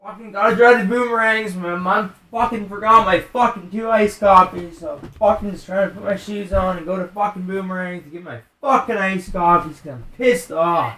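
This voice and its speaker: High-pitched, swearing angry man. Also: moderate pace, few pauses, bright, forceful tone, recorded from a distance. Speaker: gaming streamer. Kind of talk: live stream rant. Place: his bedroom. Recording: roomy echo.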